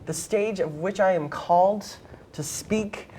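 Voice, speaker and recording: A woman guest in an interview, telling her life story in a blunt, emphatic, quick way. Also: medium pitch, mellow, a little hiss or hum.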